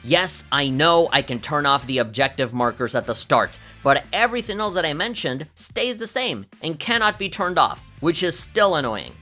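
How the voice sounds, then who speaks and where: A man's voice: a little high, sing-song, normal speed, hardly any pauses, sharp tone, soft background music. A man in his thirties giving a scripted, opinionated and sardonic review of video games. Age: 30s. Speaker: game reviewer.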